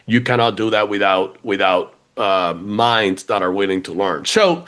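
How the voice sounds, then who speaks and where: A man's voice: fairly low pitch, unhurried, smooth. A man with a noticeable accent, talking as a guest on a business podcast. He is chatty and repeats words as he restarts his thoughts. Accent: funky accent, non-native. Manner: chatty, animated, many restarts. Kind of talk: casual interview chat.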